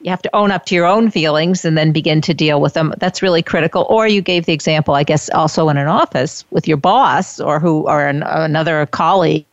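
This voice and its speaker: A woman's voice: deep voice, fairly quick, hardly any pauses, no echo. A woman hosting a casual radio interview, thinking aloud with fillers and restarts. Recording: dull lo-fi radio sound.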